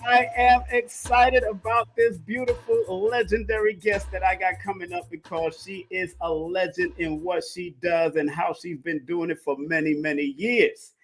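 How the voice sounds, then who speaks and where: A man's voice: high-pitched, steady tone, normal speed, few pauses. A man from Jamaica hosting a live-stream show, with a sing-song hype MC delivery. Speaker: host. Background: faint reggae music.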